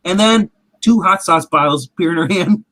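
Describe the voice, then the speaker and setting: A man hosting a casual show, retelling a TV episode in an animated, rambling way with restarts. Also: sits high, moderate pace, no room sound. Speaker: podcast host. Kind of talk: casual chat recapping a TV episode.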